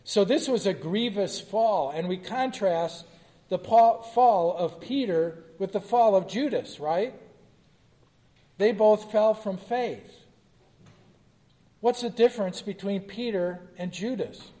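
A man's voice: high-pitched, slow pace, warm tone, long reverb tail. A man teaching a Bible study, reading the scripture aloud and then putting questions to his listeners. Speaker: pastor.

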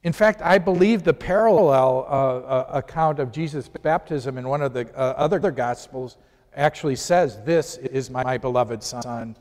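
A man's voice: on the high side, normal speed, darkish tone. Man teaching in a reverberant hall. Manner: conversational, poses questions to the class. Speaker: Bible study teacher. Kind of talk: informal Bible lesson.

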